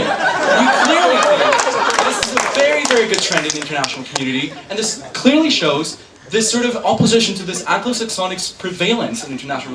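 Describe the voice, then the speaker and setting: A young man giving a competitive debate speech in a hall, quick and sarcastic, drawing laughs from the room. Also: fairly high pitch, fairly bright tone. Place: lecture hall. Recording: echoey hall, distant mic, faint room noise.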